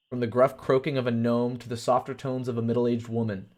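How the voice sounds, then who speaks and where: A man reading a gamebook aloud on a live stream, mixing steady narration with casual, crude asides. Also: medium pitch, brisk. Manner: casual and crude, reads narration then chats.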